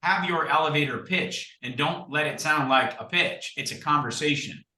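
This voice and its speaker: Emphatic bright-voiced man, echoey room. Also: on the high side, normal speed. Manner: animated, emphatic, acts out sample conversations. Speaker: guest speaker, recruiting coach. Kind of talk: energetic coaching talk on a video call.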